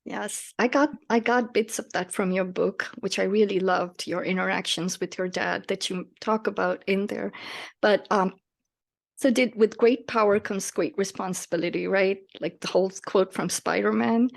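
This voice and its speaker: Gravelly-voiced woman podcast host. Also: medium pitch, fairly even intonation. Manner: supportive, quick affirmations. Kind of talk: interviewing, casual chat.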